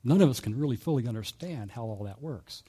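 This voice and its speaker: A man preaching a sermon in a relaxed, conversational way, telling a story with fillers and small chuckles. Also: medium pitch, a little fast, husky. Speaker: pastor.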